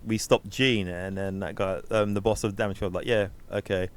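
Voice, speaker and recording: A man in casual chat, recapping a film's plot and acting out characters' lines in quick asides. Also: lowish voice, steady tone. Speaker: film review podcast co-host.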